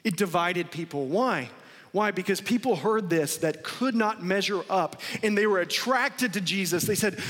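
A man's voice: high-pitched, normal speed, a bit bright, in a large hall. A man preaching a sermon as the pastor, emphatic and full of repeated lines and rhetorical questions.

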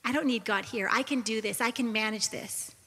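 A woman's voice: on the high side, brisk, in a large hall. Earnest woman sharing her testimony. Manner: earnest and confessional, drops to a soft whisper at times. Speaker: co-host of a Christian talk show. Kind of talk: personal testimony.

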